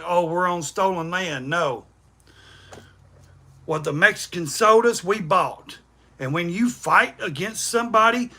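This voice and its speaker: A man's voice: sits high, sharp tone. A man, ranting bluntly and profanely on a livestream. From East Tennessee, USA. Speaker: livestream host. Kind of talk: unscripted livestream rant.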